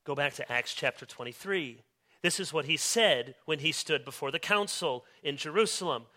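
A man preaching an expository sermon as pastor, reading scripture aloud and stressing key words with emphatic, slowed delivery. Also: a little high, lively intonation, pushed and bright. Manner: reads scripture aloud with rising intensity.

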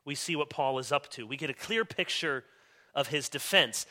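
High, bright-voiced preacher man. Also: expressive. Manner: emphatic, pushes key words louder and slower; reads scripture aloud with rising intensity. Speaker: pastor. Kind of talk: expository sermon.

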